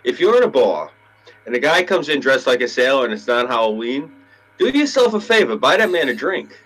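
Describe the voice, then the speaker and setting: A man's voice: medium pitch, sing-song, a little fast, a bit bright, poor audio. A man chatting casually on a podcast, telling rambling, profane stories and acting out the people in them. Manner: profane, rambling storyteller who acts out quotes. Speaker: podcast co-host. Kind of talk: casual chat.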